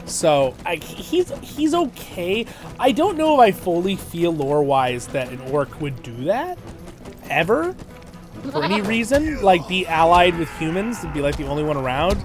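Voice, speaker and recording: A man's voice: sits high, sing-song, normal speed, faint music behind. Chatty, rambling male gaming streamer. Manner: rambling, filler-heavy, laughs often. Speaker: host of a gaming livestream. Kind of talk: casual livestream commentary.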